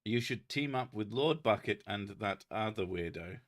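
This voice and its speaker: A man's voice: fairly low pitch, expressive, moderate pace. A British man hosting a casual chat, reading out viewer comments with lots of laughing, swearing and self-mocking jokes. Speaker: host.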